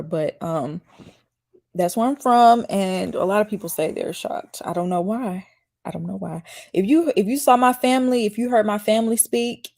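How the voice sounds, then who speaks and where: A woman's voice: mid-range voice, darkish tone. A woman from Mississippi with a slight Southern country accent, chatting casually as a YouTube host on a live stream and answering viewer comments. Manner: chatty, rambling, reads viewer comments aloud and answers them. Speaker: YouTube host reacting to a dating show.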